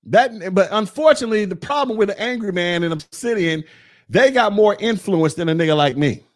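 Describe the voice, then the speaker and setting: A man's voice: high-pitched, expressive, brisk. A man in his forties hosting a podcast, ranting bluntly with mocking, profane talk. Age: 40s. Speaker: podcast host. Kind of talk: casual rant.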